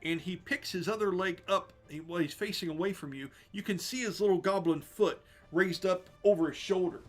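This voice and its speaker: A man running a tabletop game as game master, narrating the action in a lively, descriptive way and laughing often. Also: sits high, normal speed, soft background music.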